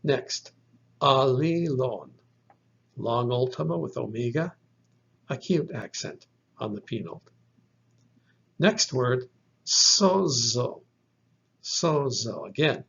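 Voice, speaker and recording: A man teaches a recorded language lesson, explaining step by step in a slow, deliberate way and repeating each example word. His mid-range voice is gravelly and slightly rough, and the recording sounds dull and lo-fi.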